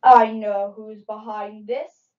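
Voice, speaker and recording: A woman voicing a determined male potato superhero who speaks in loud, commanding lines, in a dull lo-fi recording. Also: mid-range voice, fairly even intonation, slow pace, roomy sound, close to an everyday voice. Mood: heroic. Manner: commanding, shouting.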